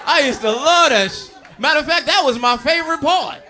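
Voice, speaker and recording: A man's voice: very high voice, fairly quick, pushed and bright. A man doing a stand-up comedy set on stage, brash and profane, talking straight to the crowd with audience laughter behind him.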